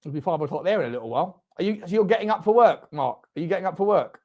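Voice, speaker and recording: A fan watchalong host with a high, expressive voice talks rapid-fire through a live football match. He chats with his audience, reads their comments aloud, and bursts out shouting at the referee and at chances.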